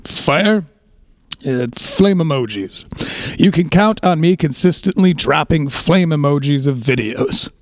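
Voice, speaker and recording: A man's voice: fairly high pitch, lively intonation, measured pace, no room sound. A man doing a casual, candid voice-over review with joking asides.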